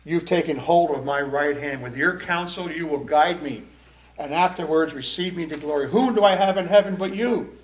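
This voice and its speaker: A man's voice: a little high, moderate pace. A man preaching a sermon in an earnest, emphatic way, pressing hard on key phrases. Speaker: pastor.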